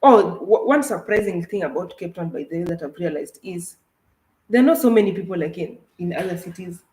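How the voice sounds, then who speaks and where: Talking through her trip with her co-host in a casual livestream, a woman from Kenya who vlogs about travel sounds animated and fairly quick, frequently restarting. Her fairly low voice is a little mellow. The recording is rough and reverberant.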